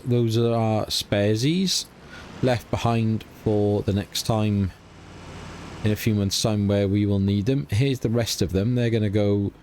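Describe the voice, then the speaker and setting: Easygoing man, lowish voice. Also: a little mellow, a little hiss or hum. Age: middle-aged. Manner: easygoing, chatty, thinks aloud. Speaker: let's play host. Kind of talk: casual game commentary.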